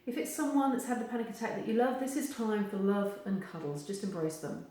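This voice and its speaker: A woman gives advice straight to camera, animated and acting out the voices she quotes. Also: medium pitch, brisk. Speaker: therapist giving advice. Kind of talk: direct-to-camera advice video. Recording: very echoey room.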